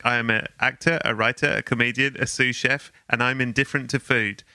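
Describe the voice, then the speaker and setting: A man hosting a comedy podcast, talking with deadpan, mock-grandiose delivery into a close studio mic. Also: medium pitch, brisk, no echo. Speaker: podcast host. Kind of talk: comic podcast chat.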